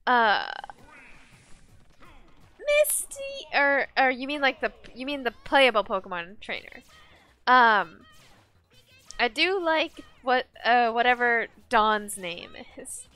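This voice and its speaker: A young woman streaming a game live, chatting casually and excitably, laughing and shrieking at the action. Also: a little high, slow pace, pauses often, clean tone.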